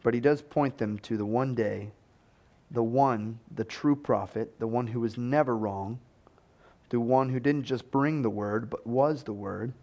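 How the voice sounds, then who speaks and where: A man's voice: medium pitch, unhurried, a little mellow. A man preaching a sermon in a conversational storytelling way, acting out the voices he quotes.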